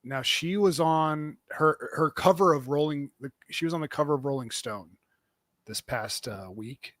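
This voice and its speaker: A man's voice: on the high side, normal speed, a bit bright, dry recording, clean studio sound. A man hosting a comedy podcast, rambling through casual banter with plenty of fillers and restarts. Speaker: podcast host.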